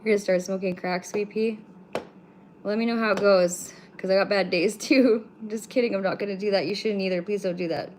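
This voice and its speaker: A woman's voice: mid-range voice, fairly even intonation, brisk, a little mellow, slight background noise. A woman from Canada hosting a casual livestream from her home, talking bluntly to her viewers, swearing freely and teasing the chat. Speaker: livestream host. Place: home room with pets.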